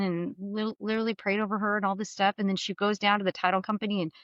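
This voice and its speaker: A middle-aged woman as a podcast guest, telling candid, animated stories and acting out the voices she quotes. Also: mid-range voice, fast talker, few pauses, no room sound. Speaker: guest, mortgage business leader. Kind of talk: candid storytelling interview. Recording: slightly dull studio sound.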